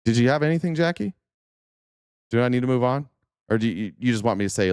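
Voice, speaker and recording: A man's voice: mid-range voice, lively intonation, fairly quick, pauses often, a little mellow, clear, resonant tone, dry recording, studio quality. A man hosting a political talk stream, ranting angrily with heavy profanity and sarcastic mock quotes while answering chat comments. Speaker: political talk show host.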